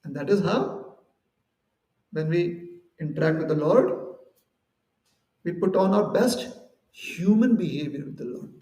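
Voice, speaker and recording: A man's voice: high voice, lively intonation, measured pace, pauses often, mellow, echoey room, recorded from a distance, poor audio. A man giving a devotional lecture at a temple, talking conversationally and explaining with everyday examples and acted-out quotes. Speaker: temple speaker.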